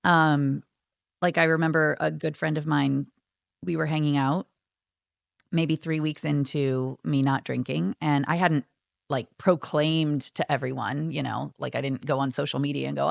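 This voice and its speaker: A woman's voice: low voice, fairly even intonation, normal speed, creaky, dry recording, studio quality. A middle-aged woman, a podcast guest, telling her story candidly and reflectively, acting out what friends and her therapist said.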